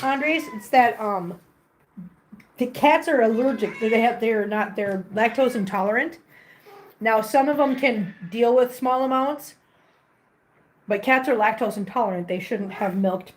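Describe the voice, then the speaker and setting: A woman's voice: measured pace, slight background noise. A woman chatting casually on a live stream from her home full of cats, rambling a little, with restarts. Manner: switches to a high cooing baby voice for the cats. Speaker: cat rescuer hosting a live stream.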